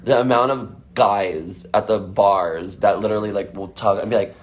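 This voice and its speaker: A man's voice: fairly low pitch, fairly even intonation, moderate pace. A man chatting casually on a phone livestream, answering fan questions with lots of fillers. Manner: chatty, filler-heavy, frequent "like".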